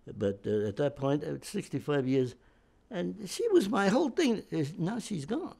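Old man in his nineties, gravelly voice, animated rambling storyteller, repeats himself. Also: a little high, normal speed. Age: 90s. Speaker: WWII veteran interviewee. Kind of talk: telling a war story in an interview.

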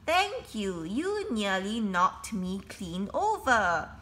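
A woman voicing a pompous male headmaster who tries hard to sound stern, speaking slowly and emphatically. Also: mid-range voice, sing-song, bright, forceful tone, heavily acted. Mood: scolding. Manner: slow, emphatic, putting on authority.

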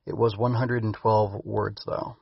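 Gravelly-voiced man, rambling podcast host. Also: fairly low pitch, little pitch movement, measured pace, no echo, highs cut off. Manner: rambling, self-correcting, chuckles. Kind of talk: casual chat and reading his own fiction.

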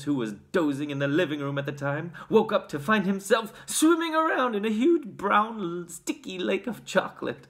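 A storyteller reading a children's book aloud with expressive, sing-song narration. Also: mid-range voice.

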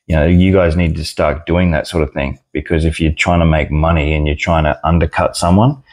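Young Australian man, very low voice, blunt, sweary, dismissive, casual rant. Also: darkish tone. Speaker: card seller and channel host. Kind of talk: casual ranting commentary.

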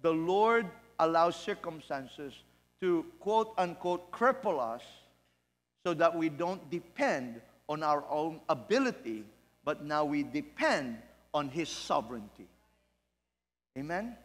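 A man's voice: fairly high pitch, expressive, slow. A male pastor preaching a sermon in an earnest, emphatic way and putting questions to his congregation, heard in a church hall. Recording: long reverb in a church hall.

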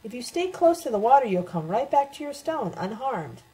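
A woman voicing a sharp, sarcastic woman with a brisk manner, in an audiobook reading. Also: on the high side, very animated, pitched above the performer's own voice, rough recording.

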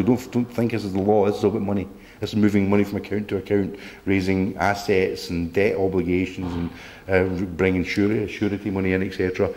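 Indignant low-voiced man giving a talk. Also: darkish tone. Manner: indignant, rambling, repeats himself, reads letters aloud. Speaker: presenter. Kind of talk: public talk to a local group.

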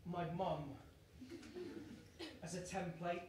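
High-voiced man performing a rhyming poem. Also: level tone, takes it slowly, slight background noise. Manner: rhythmic storytelling delivery, builds to shouted emphasis. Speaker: performance poet. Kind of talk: rhyming spoken-word poem performed live. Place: live venue on stage. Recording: roomy live venue sound.

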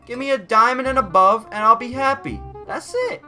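A young man streaming a pack opening in a casual chat style, begging and groaning and then shouting at the results. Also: extremely high pitch, moderate pace, music in the background. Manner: pleading and excitable, swings from chanting to shouting to muttering.

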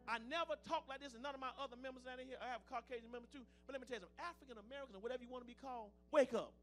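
A man preaching a fiery sermon as pastor, swinging between loud declarations and low, hushed asides. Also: rapid-fire, faint music behind.

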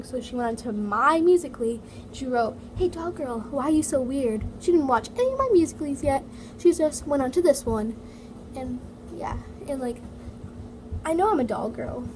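Recorded on an iPad mini in her home basement, this toy vlogger reads comments in a casual chat peppered with "like" and "so yeah." Her voice is high-pitched with a darkish tone, and a running heater adds hum to the noisy home recording.

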